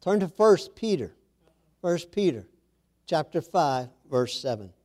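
A man preaching a sermon, telling a story and then speaking earnestly and quietly to his listeners. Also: on the high side, big pitch swings. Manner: slow, earnest, softening into quiet intimate tones.

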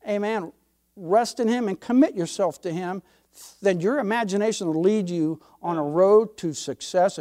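A man's voice: high voice, a little mellow. Older man preaching in a folksy way. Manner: folksy, emphatic preaching with homespun stories. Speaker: pastor. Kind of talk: sermon.

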